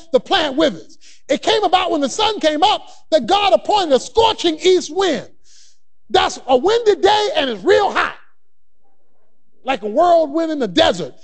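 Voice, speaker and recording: A man preaching a sermon, animated and colloquial, breaking into shouts and playful asides. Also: extremely high pitch.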